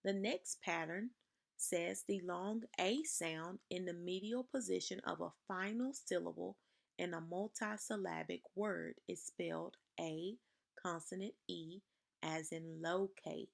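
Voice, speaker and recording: A woman teaching a spelling lesson to children, explaining slowly and carefully and sounding words out for her class to repeat. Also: on the low side, vocal fry. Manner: slow, careful, over-enunciated dictation.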